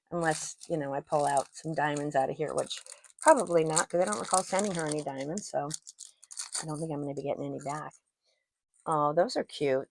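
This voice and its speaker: Her low, gravelly voice has a darkish tone, with a little hiss or hum in the audio. She hosts her own jewelry channel, raving about each piece in casual show-and-tell chat and poking fun at herself, speaking into a personal mic worn as she talks.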